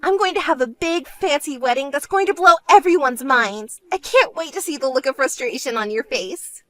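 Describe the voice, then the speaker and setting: A woman voicing a vain, self-centered young woman who talks in a smug, whiny way and turns shrill when angry, in an animated story. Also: normal speed, dry recording, faint music behind. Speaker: bride-to-be sister.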